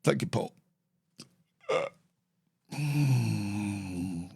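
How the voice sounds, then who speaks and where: A man's voice: on the low side, animated, extremely slow, vocal fry, darkish tone, breathy edge. Brash sweary man hosting a call-in. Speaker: host of a live call-in stream. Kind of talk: live-stream call-in chat.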